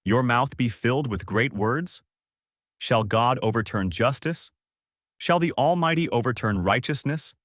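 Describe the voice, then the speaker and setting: A man reading the part of a stern friend who rebukes another, in a solemn, measured way. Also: mid-range voice, a bit bright, dry recording, studio quality, lightly acted. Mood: rebuking.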